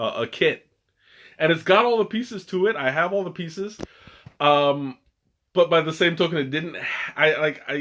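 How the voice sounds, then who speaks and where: A young man hosting a casual live stream, excitable and rambling, with many restarts and fillers. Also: mid-range voice. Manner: excitable, laughs often. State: has the hiccups. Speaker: tea stream host.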